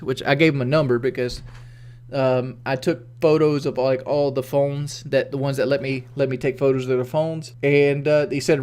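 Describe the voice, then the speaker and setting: A man's voice: mid-range voice, level tone, moderate pace, a little mellow, clear, resonant tone. A man with a Southern accent, livestreaming in a rambling, profane, casual way and reading questions from chat. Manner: rambling and profane, many "like" fillers.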